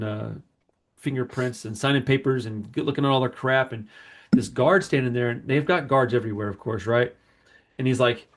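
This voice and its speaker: Man, podcast host, casual storytelling, animated, rambling. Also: mid-range voice. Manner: rambling, animated retelling with quoted voices.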